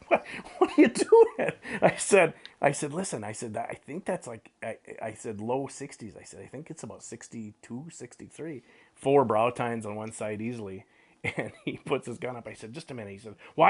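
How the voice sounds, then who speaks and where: A man's voice: mid-range voice, brisk, breathy edge. A middle-aged man telling a hunting story in a casual chat, acting out quotes and laughing often. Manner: animated, laughing storyteller who acts out quotes. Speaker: radio show host, hunting guide.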